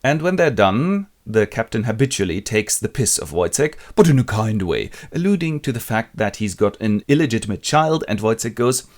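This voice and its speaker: A man's voice: fairly low pitch, sing-song, moderate pace, few pauses, darkish tone. A man retelling a classic play in a wry, colloquial, comic way. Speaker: literature presenter.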